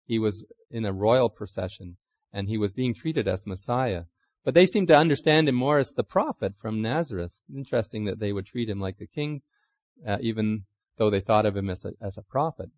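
A man's voice: fairly low pitch, fairly quick, darkish tone, no room sound. Man preaching a sermon, dry sound. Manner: conversational, asks the listeners questions, acts out quotes in voices. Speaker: pastor.

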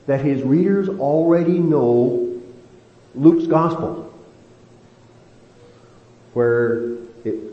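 A man teaching a Bible study, lively and animated, leaning on slow emphatic stretches. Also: fairly high pitch. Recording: roomy, dull lo-fi sound with faint noise.

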